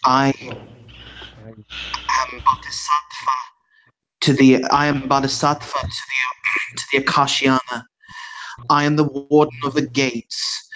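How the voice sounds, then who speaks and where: A man doing a calm, solemn warrior monk. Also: mid-range voice, a little hiss or hum, lightly acted, rough recording. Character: calm, grand old male warrior monk.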